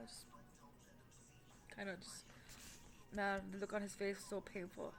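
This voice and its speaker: A woman's voice: mid-range voice, flat delivery, a little fast, long pauses, a bit bright, soft background music. Profane rambling woman telling a story. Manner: rambling, profane, with many fillers and restarts. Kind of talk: casual personal story.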